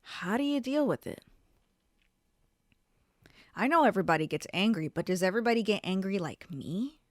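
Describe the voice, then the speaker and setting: A young adult woman hosting a podcast, telling a story in a casual, profane way with sudden loud outbursts. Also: mid-range voice, lively intonation, moderate pace, dry recording, studio quality. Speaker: podcast host.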